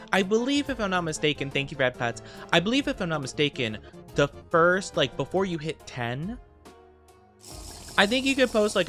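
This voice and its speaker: A man's voice: a little high, bright, forceful tone. A man chatting casually on a live stream, giggly and fidgety and full of filler words.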